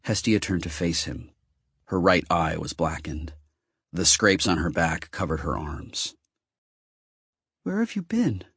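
A man's voice: deep voice, measured pace, a bit bright, slightly rough, dry recording, clean studio sound. A man narrating a novel as an audiobook, reading expressively.

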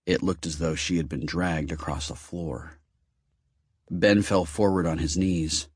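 A man's voice: deep voice, steady tone, a little slow, husky, dry recording, studio quality. A man narrating a novel as an audiobook, reading expressively.

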